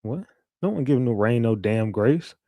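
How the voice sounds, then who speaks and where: Here a male livestream host chats loosely, swearing, going over the same points again and reading viewer comments aloud. His voice sits at medium pitch with a dark tone and lively intonation, moving at a moderate pace. It's studio-quality audio with no room sound.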